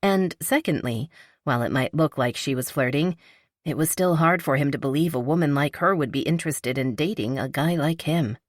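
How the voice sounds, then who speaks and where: A woman narrating a romance audiobook in a calm, even storytelling manner. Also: low voice, normal speed, no room sound, studio quality. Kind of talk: scripted narration.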